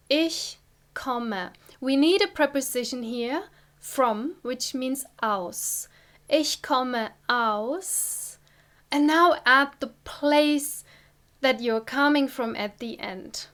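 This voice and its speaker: A woman from Germany, giving an online language lesson and explaining step by step with careful, deliberate pronunciation. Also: sits high, fairly bright tone. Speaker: German teacher.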